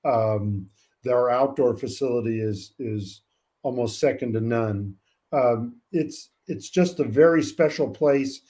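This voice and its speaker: An older man from California, a college track coach, talking in an interview with a measured, reflective manner and frequent pauses. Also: medium pitch, dark tone. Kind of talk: casual interview talk.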